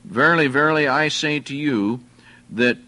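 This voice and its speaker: A man preaching a sermon, teaching verse by verse in a slow, deliberate way and putting questions to his listeners. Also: a little high, sharp tone. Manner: slow, deliberate, explains Greek words and asks the listeners questions.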